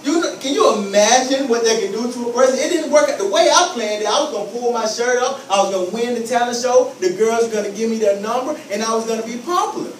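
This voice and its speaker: High-voiced man giving an emphatic motivational talk. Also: fast, few pauses, echoey room, distant mic, slight background noise, rough recording. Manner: emphatic, repeating phrases, acts out scenes. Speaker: motivational speaker.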